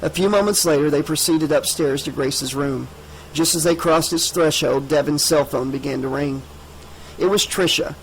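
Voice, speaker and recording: A man reading an unabridged horror audiobook in a steady, measured way. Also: fairly high pitch, slight background noise, poor audio. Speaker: audiobook narrator. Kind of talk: audiobook narration.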